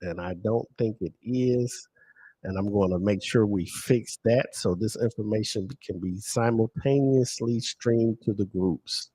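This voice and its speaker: Hosting a lottery live stream, a man with a medium-pitched, darkish voice walks his audience through the screen. He speaks emphatically, raising his own questions and answering them.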